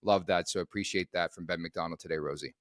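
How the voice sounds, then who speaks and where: A Canadian man co-hosting a hockey podcast in a loose, profane, joking way. His voice sits low. The sound is dry and close, with no room around it. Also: steady tone, fast talker, fairly bright tone, no room sound. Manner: profane, blunt, laughing asides. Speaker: podcast host. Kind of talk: casual sports chat.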